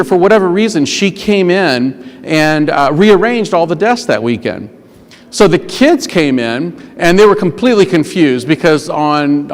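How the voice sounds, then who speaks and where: A man giving a humorous storytelling keynote speech, animated and acting out the voices he quotes. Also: sits high. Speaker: conference keynote speaker. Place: large conference hall. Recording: long reverb of a large hall.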